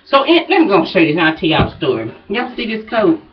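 A woman's voice: lowish voice, wildly swooping pitch, fast. A woman, out of breath, chatting casually and folksily to her viewers as a vlogger. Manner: chatty, folksy, drawling asides. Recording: dull, distant home recording.

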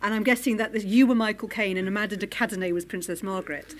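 A woman leads an onstage interview at a live Q&A, her voice at an ordinary middle pitch. She sets up each topic in a measured, conversational way before handing over to her guests. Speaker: interviewer and event host. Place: stage at a live film-institute Q&A event.

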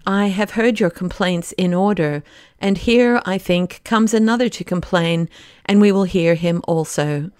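A woman reading a calm, mighty older man presiding in an audiobook, measured and solemn. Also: lowish voice, smooth, no room sound, clean studio sound, lightly acted.

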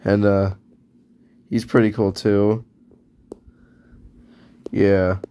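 A man's voice: lowish voice, steady tone, measured pace, vocal fry, warm tone, slight background noise. A man casually narrating as he draws, rambling and correcting himself in an offhand way. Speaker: video creator. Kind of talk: casual narration while drawing.

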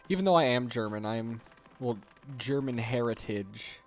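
A man's voice: mid-range voice, expressive, normal speed, fairly bright tone, soft background music. A man giving casual, jokey commentary while playing a video game, grumbling at the levels. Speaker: let's play host.

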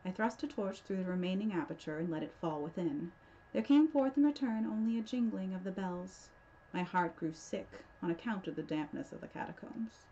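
A woman on the library staff giving a measured, theatrical reading of a horror tale. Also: mid-range voice, dark tone, a little hiss or hum. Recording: dull lo-fi recording.

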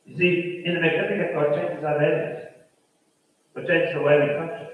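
Pastor preaching in a big echoey hall. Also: male voice, on the high side, fairly even intonation, normal speed, phone-quality sound. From South Africa. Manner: rhythmic, repetitive preaching cadence. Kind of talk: sermon. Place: church. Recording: roomy church hall from a distant mic.

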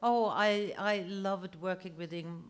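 Woman, lively storytelling, laughs as she talks, restarts sentences, mid-pitched voice. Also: slow pace, clean tone. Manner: animated, laughing through the story, frequent restarts. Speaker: actress telling a story on stage. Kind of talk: anecdotal storytelling.

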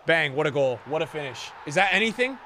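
Streamer: male, bright and lively voice, sarcastic play-by-play with frequent outbursts. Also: fairly high pitch, fast, slight background noise. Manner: sarcastic, bantering, often shouting at the game. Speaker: gaming streamer. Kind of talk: live gameplay commentary.

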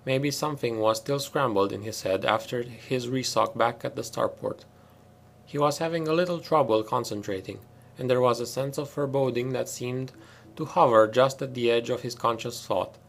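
A man narrating a sci-fi novel in a self-made audiobook, in a steady, measured reading. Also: medium pitch. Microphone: self-made home recording.

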